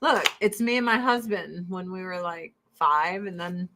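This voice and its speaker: In a very noisy recording, the host of an informal conversation speaks in a lowish voice at a measured pace. She spins profane, lively family tales, imitating her relatives when she quotes them.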